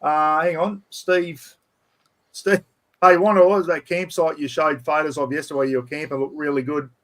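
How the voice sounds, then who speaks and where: A man's voice: fairly high pitch, fairly even intonation, normal speed, a bit bright. A man hosting a casual camping chat over a video call, easygoing as he steers the talk along. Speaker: podcast host.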